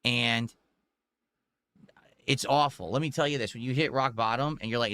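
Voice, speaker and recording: Brief: male streamer musing aloud, bright tone, dry close sound. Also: medium pitch, a little fast, no echo. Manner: rambling, self-justifying, fillers. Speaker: streamer in played clip. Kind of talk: casual monologue to audience.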